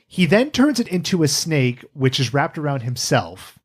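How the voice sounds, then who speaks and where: A man co-hosting a casual podcast, recapping a cartoon with animated, laughing, profane asides. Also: a little high, moderate pace, husky. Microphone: studio podcast mic.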